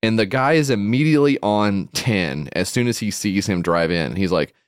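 A man's voice: on the low side, moderate pace, clean tone, no room sound, studio quality. A man co-hosting a comedy podcast, telling a rambling, profane story and laughing through it. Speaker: podcast co-host.

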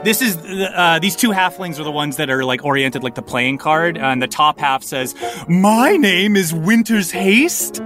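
A man narrating a tabletop game as game master, playful and quick to laugh. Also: on the high side, over music.

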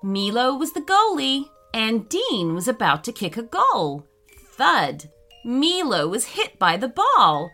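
A woman narrating a children's story in a slow, expressive read-aloud manner. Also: on the high side, faint music behind.

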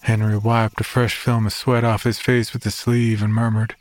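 A man narrating a horror story in a calm, even storytelling voice. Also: fairly low pitch, normal speed.

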